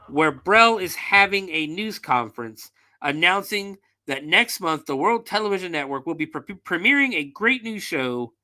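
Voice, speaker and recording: A man's voice: on the high side, bright, forceful tone. A man hosting a podcast, recapping a film in casual, profane storytelling with loose fillers. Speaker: podcast host.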